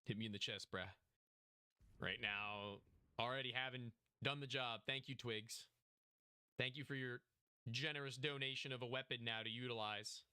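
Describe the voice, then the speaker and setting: A man's voice: medium pitch, fairly even intonation, moderate pace, bright, forceful tone, clear, resonant tone, no room sound, clean studio sound. A young man casually commentating a game match, hyped and joking, talking to chat. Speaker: esports caster.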